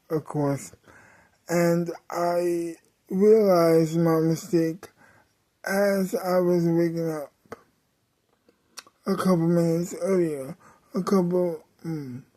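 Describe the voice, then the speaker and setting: Slow, mellow woman telling a comic story. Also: on the low side. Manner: dramatic, with self-corrections and sudden outbursts. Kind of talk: comedic storytelling.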